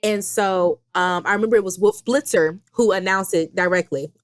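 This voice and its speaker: Podcast cohost lady, 30s, telling a wild story, super animated, cusses a lot, dry close sound. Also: mid-range voice, moderate pace, dry recording. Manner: animated, dramatic, swears freely, laughs often. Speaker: podcast co-host. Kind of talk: casual chat storytelling.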